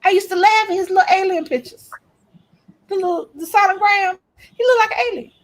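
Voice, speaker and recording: A woman's voice: extremely high pitch, brisk. A woman in casual chat, telling stories and speaking emphatically to her audience. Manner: storytelling, emphatic, lectures trolls. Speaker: co-host.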